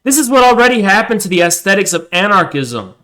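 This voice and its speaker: A man hosting a livestream, ranting heatedly and with a lot of profanity, his pitch swinging up and down. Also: big pitch swings, fast, bright, forceful tone, rough recording. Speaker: streamer host.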